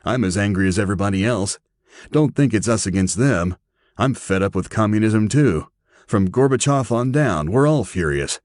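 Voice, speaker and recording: A man's voice: on the low side, expressive, moderate pace, darkish tone, dry recording, studio quality, close to an everyday voice. A man voicing a fed-up male communist dock official who answers bluntly. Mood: exasperated. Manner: blunt, exasperated retort.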